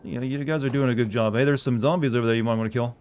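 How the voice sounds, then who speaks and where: A man's voice: medium pitch, steady tone, racing, darkish tone, a little hiss or hum. A young man streaming a video game, chatting casually with viewers in a rambling way, full of filler words. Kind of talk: casual gameplay chat with viewers.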